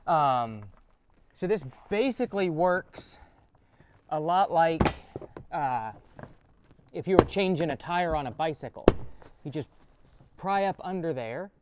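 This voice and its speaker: A man's voice: fairly high pitch, animated, slow pace, long pauses, background noise. A man hosting his channel, casually explaining a repair step by step while he works in a workshop. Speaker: channel host. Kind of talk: casual how-to demonstration.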